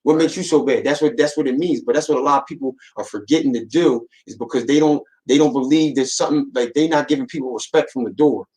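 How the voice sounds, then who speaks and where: A man talking loosely in a relaxed chat, piling on fillers and street slang. His pitch sits in an ordinary middle range. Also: quick pace, hardly any pauses, rough recording. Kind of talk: casual chat.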